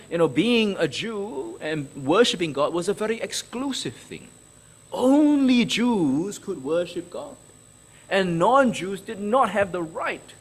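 A male preacher delivers an emphatic sermon in a gravelly, husky voice. His pitch sits a touch high and swings widely as he stresses his points, and he often poses a question before answering it. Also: poor audio. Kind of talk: expository sermon.

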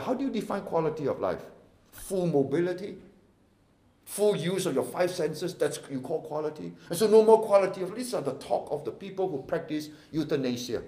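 A man with a Singaporean accent preaches from the pulpit in a fairly high voice. He moves between quiet, intimate phrases and sudden loud emphasis. His sermon rings out in an echoey church hall. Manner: impassioned, swinging from hushed to loud. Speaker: pastor. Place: church sanctuary.

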